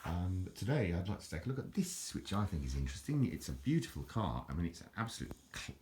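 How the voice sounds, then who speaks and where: A man's voice: deep voice, big pitch swings, brisk, a little hiss or hum. A middle-aged man, rambling in a casual, jokey video monologue with frequent restarts. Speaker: vlogger.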